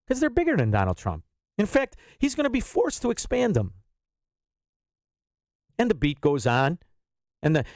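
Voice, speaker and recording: A man hosting a political talk radio show, ranting and sarcastic, swinging from loud outbursts to low grumbles. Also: no room sound, studio quality. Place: radio studio.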